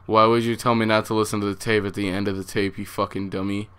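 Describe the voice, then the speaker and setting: A man's voice: on the low side, level tone, fast, fairly bright tone, clear, resonant tone. A young man hosting a horror game playthrough, jumpy and swearing a lot as he talks to his viewers. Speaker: gaming channel host.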